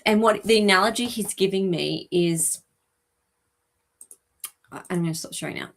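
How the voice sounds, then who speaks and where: A woman hosting a live stream as an animal communicator, talking gently and chattily with many ums and asides. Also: medium pitch, normal speed, vocal fry. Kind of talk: live-stream reading for viewers.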